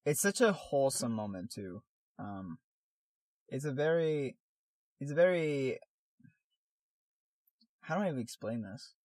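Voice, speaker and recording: A man's voice: mid-range voice, sing-song, unhurried, long pauses, a little mellow, no echo. Rambling male podcast host. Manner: rambling, many fillers and restarts. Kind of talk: casual chat.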